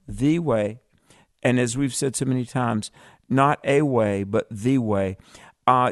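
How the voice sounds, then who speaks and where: A man co-hosting a Christian radio program, speaking to listeners in an earnest, preacherly way. His voice has a middle pitch and a dry, close studio sound. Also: dry recording. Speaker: radio co-host. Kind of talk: Bible discussion on radio.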